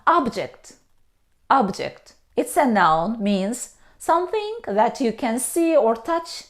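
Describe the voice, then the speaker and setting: A woman teaching English pronunciation in a careful, deliberate way, repeating each word and explaining its meaning. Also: on the high side, very animated. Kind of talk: slow pronunciation lesson.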